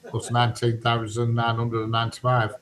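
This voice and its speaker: A man's voice: medium pitch, completely flat delivery, fairly quick. Wry man chatting. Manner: wry, jokey banter. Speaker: chat participant. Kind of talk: casual group chat. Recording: faint background noise.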